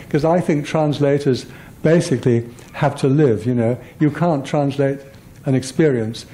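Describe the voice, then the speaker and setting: Older man telling stories in a mellow voice. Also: mid-range voice, low-quality recording. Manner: rambling, self-deprecating storytelling with many fillers and restarts. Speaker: guest lecturer. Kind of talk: public lecture, personal anecdotes.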